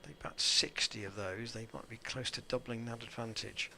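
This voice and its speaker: Gravelly, bright-toned male cricket commentator. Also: mid-range voice, steady tone, moderate pace, a little hiss or hum. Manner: wry, conversational, reads listener emails. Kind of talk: live commentary and listener chat.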